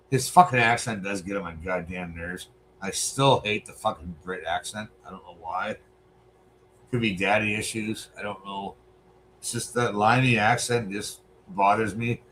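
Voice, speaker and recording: A man's voice: lowish voice, normal speed, fairly bright tone, slight background noise, rough recording. A Canadian man in his forties, a streamer giving blunt, profane, rambling commentary on a debate. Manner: blunt, swearing, rambling asides.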